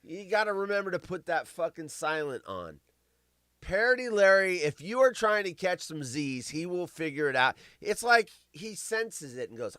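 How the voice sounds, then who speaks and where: A middle-aged man hosting a live show, rambling and swearing, with big swings between loud bursts and mumbling. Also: high-pitched, sing-song, normal speed, no echo. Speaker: podcast host. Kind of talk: casual live-stream chat.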